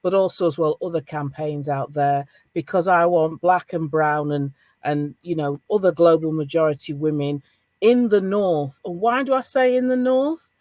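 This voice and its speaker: A middle-aged woman with a Northern English accent hosting a podcast roundtable over a video call, chatting in a casual, animated way. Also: low-pitched, moderate pace, dry recording. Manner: animated, laughing, encouraging. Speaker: podcast host.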